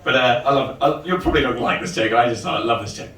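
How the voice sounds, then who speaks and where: A man, hosting a comedy night and telling jokes loudly with lots of swearing. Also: mid-range voice, fast. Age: 30s. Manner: loud, animated joke-telling with swearing. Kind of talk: stand-up comedy. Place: comedy venue with audience. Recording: roomy live venue from far off, loud crowd.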